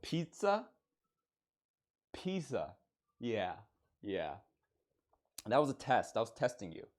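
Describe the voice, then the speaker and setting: Playful young male streamer, lively voice. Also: on the low side, measured pace. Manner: playful, joking, laughs often. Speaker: streamer playing a teacher persona. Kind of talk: casual live-stream chat.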